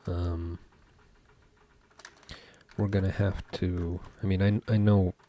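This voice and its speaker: A man, a game developer, talking through his code as he works, thinking aloud with pauses and fillers. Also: low-pitched, little pitch movement, mellow, slight background noise. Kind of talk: live coding commentary.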